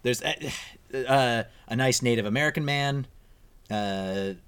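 A man on a podcast in casual chat, rambling and self-deprecating, with sudden leaps up in pitch as he talks. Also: a little slow, fairly bright tone, smooth. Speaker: podcast co-host. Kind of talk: casual chat recapping a TV episode.

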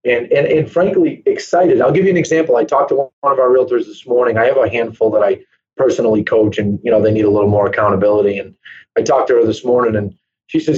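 A man who runs a real estate brokerage, telling lively stories in a casual interview and acting out quoted voices. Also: medium pitch, quick pace, breathy edge. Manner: animated storyteller, acts out quoted voices. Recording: dull lo-fi sound.

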